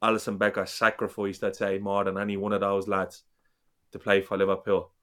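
Passionate man with a flat low voice. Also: a little fast. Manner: passionate, sweary, rambling. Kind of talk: casual football fan chat.

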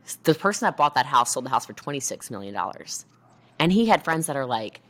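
Woman, bright clear voice, lowish pitch, energetic, emphatic, motivational chat. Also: a little fast. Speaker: guest entrepreneur. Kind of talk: motivational conversation.

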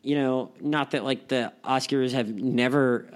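A man's voice: medium pitch, fairly even intonation, a little slow. A young man talks through movie awards chatter in a loose, rambling way. He piles on fillers and restarts his sentences as he goes. His voice sits in an ordinary middle range. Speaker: podcast host. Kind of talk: casual film podcast chat.

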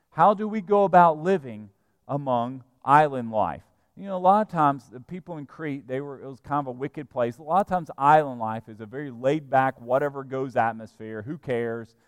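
A man preaching a sermon as pastor, emphatic and animated, sometimes acting out the people he describes. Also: a little high, no echo, clean studio sound, big-room sound. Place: church sanctuary.

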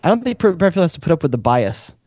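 Wry, teasing American man, fairly high voice. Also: big pitch swings, darkish tone, dry recording, studio quality. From United States. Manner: wry, teasing, quick quips. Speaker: podcast co-host. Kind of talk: casual soccer chat.

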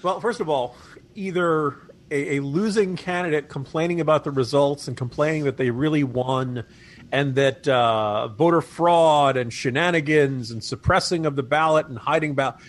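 A man's voice: fairly high pitch, moderate pace. A man co-hosting a political podcast, talking in a wry, chatty way. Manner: wry, chatty, laughs at his own jokes. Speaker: podcast co-host. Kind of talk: casual political talk.

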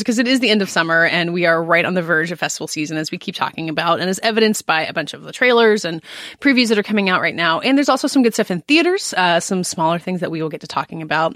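A woman hosting a podcast in casual chat, brisk and organized as she steers the conversation. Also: on the low side, a bit bright, no echo, clean studio sound. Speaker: podcast host.

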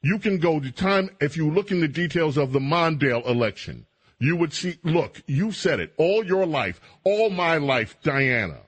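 Combative husky male radio host. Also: on the high side, moderate pace. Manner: combative, lively, rising to outrage. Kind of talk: heated political talk radio.

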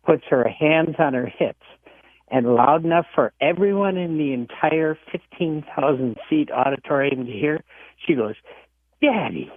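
A middle-aged man calling in to tell a funny story about his daughter in a matter-of-fact, deadpan way. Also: a little high, normal speed, no echo. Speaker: caller. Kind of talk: telling a funny family story. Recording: tinny phone line.

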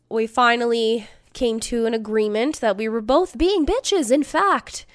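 A woman in her thirties casually tells a story, cursing freely and laughing as she acts out the quotes in an animated way. Her voice is a little high and clean in tone.

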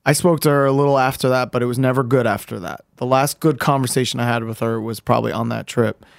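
A man on a podcast recounting a painful family story in a halting, candid way, restarting sentences and swearing casually. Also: mid-range voice, steady tone, gravelly, dry recording, clean studio sound. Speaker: podcast co-host.

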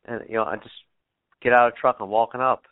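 A man's voice: medium pitch, steady tone, quick pace, dry recording. A man telling a story as a podcast guest, rambling, with many fillers and casual swearing. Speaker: podcast guest, bow hunter. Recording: tinny phone-like remote line.

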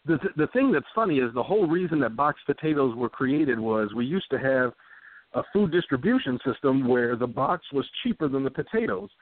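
A man's voice: mid-range voice, expressive, fairly quick, no echo. A man co-hosting a casual podcast, joking around and reading out listener questions. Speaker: podcast co-host. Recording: dry, phone-like sound.

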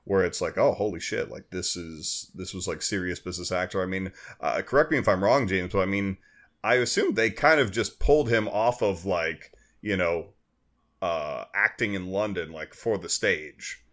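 A man co-hosting a podcast in casual chat, joking and teasing, often pausing on fillers. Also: low voice, fairly bright tone. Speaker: podcast co-host.

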